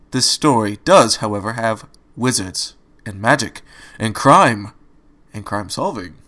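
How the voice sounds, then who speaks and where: A man's voice: mid-range voice, fairly bright tone. A man reading a fan-fiction story aloud, adding wry asides between passages. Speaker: story reader.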